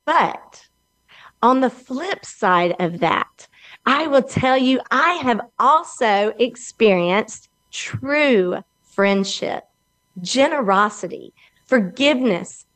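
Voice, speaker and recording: A middle-aged woman with an Alabama Southern accent, hosting her own talk show in a slow, earnest, motivational way. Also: a little high, fairly bright tone, dry recording. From Alabama, USA. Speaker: podcast host.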